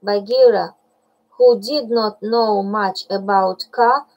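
A woman narrating a classic animal story in a careful, unhurried audiobook reading. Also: medium pitch, fairly even intonation, muffled recording.

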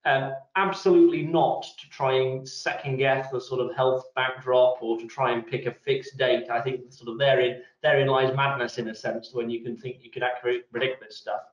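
A man giving a sober, measured update on a business webinar over a video call, with uhs and restarts. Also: medium pitch, fairly even intonation. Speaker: business lobby guest speaker. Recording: dull, echoey room sound on a video call.

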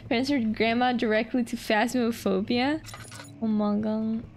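Young woman, high voice, slow, playful, swears, giggles, gameplay chat. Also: darkish tone, slight background noise. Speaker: streamer. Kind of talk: casual gameplay commentary.

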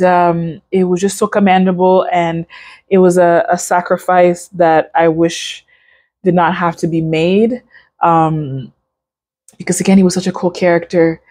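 A young woman hosting a reaction video, chatting casually and emotionally to her viewers with many fillers and pauses. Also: lowish voice, darkish tone.

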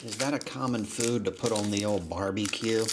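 A man's voice: on the low side, moderate pace, very noisy. A man hosting a live trading card break, chatting and joking with viewers as he calls out cards. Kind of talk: casual live box break chat. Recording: loud crinkling of card wrappers.

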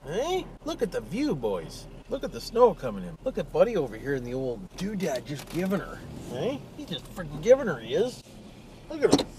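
Older Ontario man, fairly high voice, crude joking vlogger, recorded from a distance in a noisy car. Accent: Canadian, Ontario. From Canada. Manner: crude joking banter, repeats catchphrases like "friggin' right". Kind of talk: casual vlog chat while driving. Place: inside a car while driving. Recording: distant mic with loud car noise.

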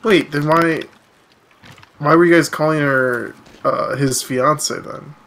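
A man's voice: fairly high pitch, steady tone, slow, a bit bright, a little hiss or hum. A man chatting hesitantly with friends during an online game, often stumbling over his words. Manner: questioning, hesitant. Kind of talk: casual gaming chat.

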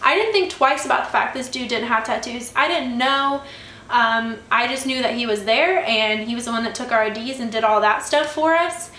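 Bright-voiced young woman vlogger, chatty. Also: on the high side, moderate pace. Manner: chatty storytelling, annoyed ranting. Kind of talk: casual chat vlog. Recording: echoey room.

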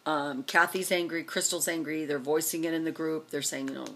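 A woman vlogger telling a casual story, animated and acting out what people said with big jumps in her voice. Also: brisk, few pauses. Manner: animated, acts out quotes with big pitch jumps.

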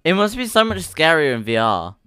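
A man on a live stream reacts to what he watches, talking to his chat and breaking into laughter often. His voice sits a bit high for a man and stays smooth and resonant. The sound is dry and close, with no room around it. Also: sing-song, brisk, pushed and bright, no echo.

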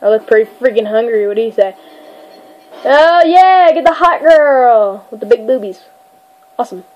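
A woman giving goofy, excitable commentary while playing a fighting game, yelping and crying out during the fights. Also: a little high, normal speed, muffled recording. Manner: goofy, self-mocking. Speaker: gamer. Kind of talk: let's play commentary.

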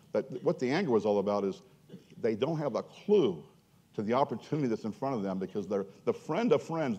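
A male pastor preaching a sermon in an earnest, animated way, often repeating himself and building to emphatic points. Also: medium pitch, breathy edge.

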